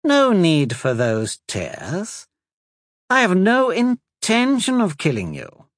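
A man's voice: a little high, wildly swooping pitch, slow, fairly bright tone, dry recording, studio quality, pitched above the performer's own voice, full character voice. A man playing Valtor, a silky scheming sorcerer. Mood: soothing. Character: cunning male sorcerer, smooth, patient and manipulative.

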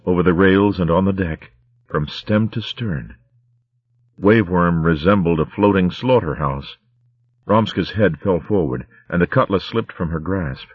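A man reading a story aloud in a steady, measured audiobook narration. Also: low voice, husky, no room sound, lo-fi sound.

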